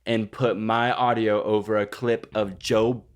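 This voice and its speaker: Young man, lowish voice, podcast co-host, campy crude teasing banter. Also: little pitch movement, unhurried, clear, resonant tone. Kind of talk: casual chat.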